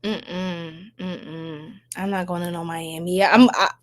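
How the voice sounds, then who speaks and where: A woman's voice: lowish voice, steady tone, takes it slowly. A young woman from New York with a New York accent, chatting casually and animatedly with her livestream audience in slangy, laugh-filled talk. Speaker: tarot reader livestream host.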